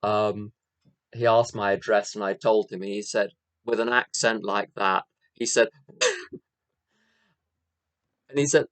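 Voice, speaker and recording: A man's voice: fairly low pitch, very animated, unhurried, long pauses, a bit bright, no echo. An older man giving a candid, self-mocking recovery talk, telling his story with rhythmic repeated phrases. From England. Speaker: AA speaker. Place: meeting room.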